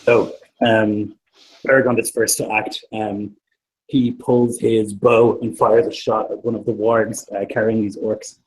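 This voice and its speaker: A man narrating as game master of a tabletop game, pausing often with ums and uhs. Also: on the low side, flat delivery, slight background noise, poor audio. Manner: hesitant, filler-heavy narration.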